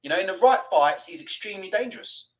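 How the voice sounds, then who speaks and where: A man's voice: sits high, lively intonation, quick pace. A man hosting a boxing livestream, ranting, swearing and reading out viewer comments, with mocking put-on voices. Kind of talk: live-stream rant and comment reading.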